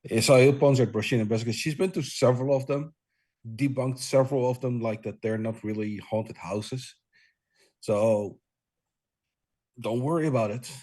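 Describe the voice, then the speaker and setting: A man's voice: mid-range voice, fairly even intonation, moderate pace, darkish tone. A man playing in a tabletop role-playing game, speaking casually and hesitantly, often stammering and restarting. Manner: hesitant, stammering, self-deprecating. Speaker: player.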